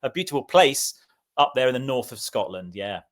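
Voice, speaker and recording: A man co-hosting a podcast, talking in a relaxed, easy way with small pauses and ums. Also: mid-range voice. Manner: relaxed storyteller with ums and asides. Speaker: podcast co-host. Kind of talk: casual conversational podcast chat.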